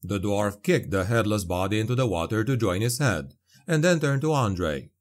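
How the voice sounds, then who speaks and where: A man reading a dark fantasy story aloud as an audiobook narrator, measured and vivid. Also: lowish voice, lively intonation.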